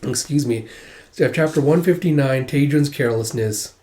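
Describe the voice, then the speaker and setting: A man's voice: mid-range voice, a little fast, darkish tone. Casual young man with a sore throat. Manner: casual, filler-heavy retelling. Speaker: manga reader, video host. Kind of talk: casual manga readthrough. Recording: roomy echo.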